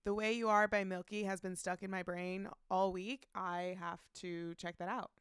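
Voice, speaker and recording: A woman's voice: medium pitch, fairly even intonation, normal speed, fairly bright tone, clear, resonant tone, dry recording, studio quality. A woman streaming live, chatting casually, reading out chat messages and greeting viewers by name, laughing often.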